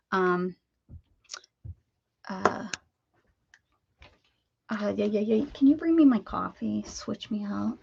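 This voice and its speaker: A woman's voice: medium pitch, creaky, breathy edge, dull audio. A woman from the Pittsburgh area hosting a crafting live stream, chatting casually and greeting viewers by name as she works.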